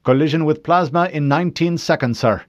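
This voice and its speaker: A man voicing an alarmed bridge officer who shouts urgent, rushed warnings, very high and loud. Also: no echo, lo-fi sound, natural voice.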